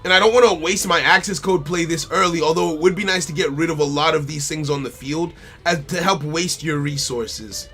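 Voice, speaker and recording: A fairly high, bright-toned man talks through his turns in a live card game stream. He mutters his options, repeats lines over and over as he decides, and speaks straight to his opponent and viewers, with soft music underneath. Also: a little fast, slightly rough. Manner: thinks aloud, repeats phrases, talks to the opponent and chat. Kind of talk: casual live-stream commentary. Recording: faint music behind the voice.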